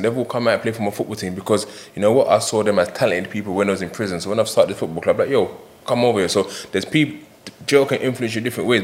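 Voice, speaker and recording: Guy spinning stories fast on a podcast, lowish voice, does the other guys' lines. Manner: fast storytelling, acts out quoted voices, laughs while telling. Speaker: podcast guest. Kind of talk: casual chat.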